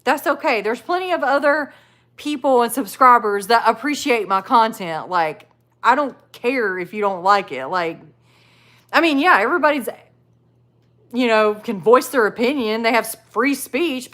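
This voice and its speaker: A woman's voice: on the high side, lively intonation, normal speed, a bit bright. A woman with a Southern US accent chatting casually and bluntly on a live stream, full of "like" and "you know". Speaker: live streamer reacting to videos and chat.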